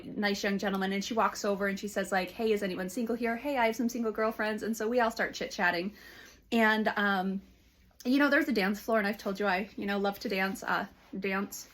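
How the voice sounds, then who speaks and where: Lady counselor chatting to camera, storytelling, lots of ums and restarts. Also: mid-range voice. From United States. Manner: warm storytelling with frequent fillers and restarts. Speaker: licensed counselor. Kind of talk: casual advice talk to camera.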